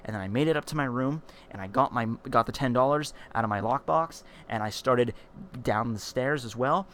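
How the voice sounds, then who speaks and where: Talking straight to his vlog camera, a man with a middle-pitched voice tells a story at normal speed. He's animated and rambling, full of fillers, repeats, and restarts, with slight background noise behind him.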